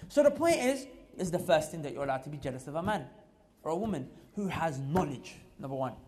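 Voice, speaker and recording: Male mosque preacher, high pitch, emphatic and repetitive, builds to loud exhortation. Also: big pitch swings, brisk. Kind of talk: mosque talk. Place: mosque hall.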